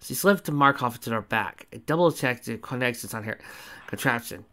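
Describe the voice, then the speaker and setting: A man reads fan fiction aloud in a relaxed, casual way. He trips over words now and then and drops in joking asides. His voice is bright and clear. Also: mid-range voice, a little fast. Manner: casual, stumbling reading with asides. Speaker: fanfiction reader.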